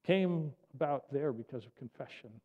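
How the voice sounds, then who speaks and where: A man's voice: mid-range voice, expressive, normal speed. Man preaching in a reverberant hall. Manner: conversational storytelling, many restarts and asides. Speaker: pastor. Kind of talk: sermon. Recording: dull sound, long reverb.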